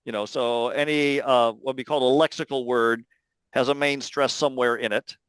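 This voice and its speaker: A man giving an academic talk, explaining carefully in a measured way with frequent pauses. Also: mid-range voice, fairly even intonation, fairly bright tone, smooth, dry recording, low-quality recording. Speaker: linguistics lecturer. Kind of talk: academic talk answering questions.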